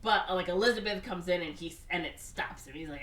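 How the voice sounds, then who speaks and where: A woman co-hosting a podcast, casually retelling a movie plot with swearing and quick bits of put-on character voices. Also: fairly low pitch, a bit bright. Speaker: podcast co-host. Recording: echoey room, voice a bit far from the mic, faint background noise.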